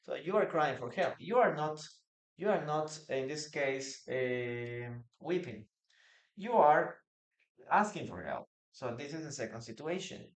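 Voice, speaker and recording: Slow, patient teacher. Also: medium pitch, lively intonation. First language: Spanish. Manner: slow and patient, repeats example phrases, reads out student comments. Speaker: English teacher. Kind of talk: live online English lesson.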